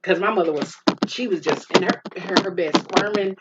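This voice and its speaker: On a muffled lo-fi recording with faint hiss, a middle-aged woman hosts a podcast, her voice on the low side at normal speed. She tells a personal story emotionally and ramblingly, restarting often and calling the listener "girl".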